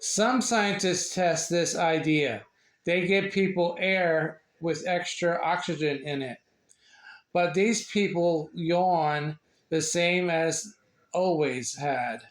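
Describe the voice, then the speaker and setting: A man reading a children's book aloud in a casual way, slow and halting, with slips, restarts and little asides. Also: a little high. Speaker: reader sharing a book. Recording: echoey room.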